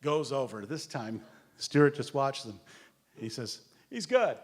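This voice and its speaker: A man telling lively anecdotes, acting out the voices of the people in them and laughing as he goes. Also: mid-range voice, unhurried, long reverb tail. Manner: animated, acts out quotes, laughs often. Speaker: storyteller sharing memories. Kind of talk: anecdotal storytelling.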